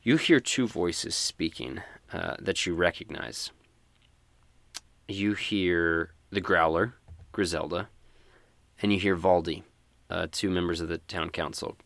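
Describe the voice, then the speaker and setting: A man narrating a tabletop role-playing game as game master, relaxed with many fillers. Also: low voice, takes it slowly, vocal fry, long pauses, dry recording.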